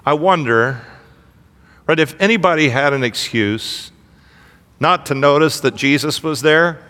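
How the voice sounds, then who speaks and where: Energetic male pastor mid-sermon, slightly high voice, large reverberant sanctuary. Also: unhurried. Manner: energetic preaching, asks the congregation questions.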